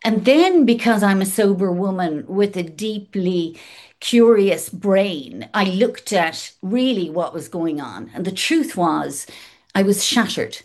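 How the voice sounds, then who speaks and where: A woman's voice: medium pitch, animated, slow, a little mellow. A middle-aged woman talking candidly as a guest, emphatic and frank, swearing casually and listing things in rhythmic runs. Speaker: guest in recovery. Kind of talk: candid conversational chat.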